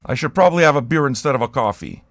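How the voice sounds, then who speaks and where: A man hosting a record-listening livestream who talks in a loud, shouty, abrasive rant and swears freely. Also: medium pitch, racing, no echo. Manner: profane, excitable. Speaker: host of a record-listening show. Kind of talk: loud ranting livestream chat.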